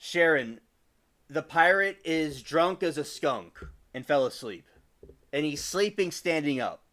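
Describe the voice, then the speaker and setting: A young man in his twenties with a slightly high voice, chatting loosely to his live-stream audience. He rambles, restarts his sentences and breaks off to greet viewers by name. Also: animated, measured pace, a bit bright. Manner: addresses chat viewers by name.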